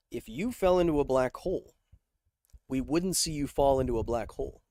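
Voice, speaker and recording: A man hosting a casual science livestream, reading viewer questions aloud and answering them with jokes, slowing down for dramatic emphasis. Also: mid-range voice, dry recording. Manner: energetic, joking, shifts between slow dramatic emphasis and quick asides.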